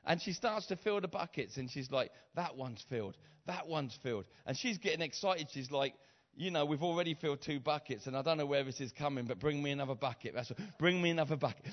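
A middle-aged man preaching a sermon, retelling a story with acted voices, repeated phrases and rising shouts. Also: a little high. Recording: slightly dull lo-fi sound.

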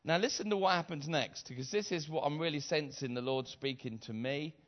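A middle-aged man preaching a sermon, retelling a story with acted voices, repeated phrases and rising shouts. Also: on the high side, a little fast. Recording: slightly dull lo-fi sound.

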